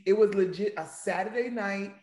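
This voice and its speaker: A woman's voice: medium pitch, normal speed, a little mellow, echoey room. A woman who is a guest on a podcast, chatting casually with a playful, joking, slangy manner. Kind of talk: casual chat.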